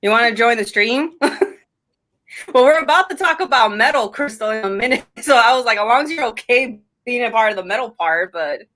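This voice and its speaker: A woman's voice: a little high, expressive, fairly quick, fairly bright tone. A woman co-hosting a live stream in casual chat, rambling with many fillers and frequent giggles.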